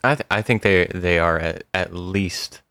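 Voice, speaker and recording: A man's voice: deep voice, unhurried, vocal fry, a bit bright, clean tone, no echo. A man co-hosting a podcast in casual chat, wry and laid-back, cracking dry jokes. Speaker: podcast co-host.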